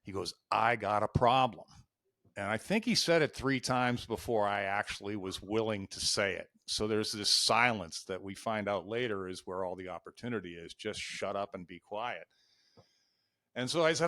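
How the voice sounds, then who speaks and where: A man's voice: mid-range voice, moderate pace, a bit bright, dry recording, studio quality. A man in his fifties, a coach being interviewed, telling candid and emotional stories and acting out old conversations. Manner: candid, emotional, acts out quoted dialogue. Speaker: life and executive coach, guest. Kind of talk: podcast interview, storytelling.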